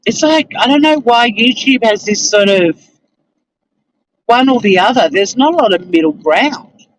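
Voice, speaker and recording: A woman's voice: a little high, lively intonation, normal speed, rough recording. A woman chatting casually on a livestream, answering viewers and ranting bluntly with plenty of swearing and laughter. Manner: blunt, exasperated, swears freely, laughs often. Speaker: streamer. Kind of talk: casual livestream chat reading viewer comments.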